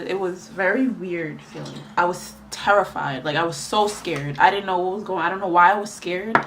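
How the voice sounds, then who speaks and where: A woman's voice: on the low side, noisy background. A young woman telling a rambling story in casual chat while doing her makeup, with lots of fillers. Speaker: beauty vlogger.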